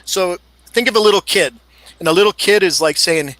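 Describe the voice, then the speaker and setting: A man's voice: a little high, quick pace, sharp tone, no echo, poor audio. A man in a casual podcast discussion, explaining at length and acting out what a dog would say. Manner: explains at length, acts out dog thoughts in quotes. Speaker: dog handling expert guest.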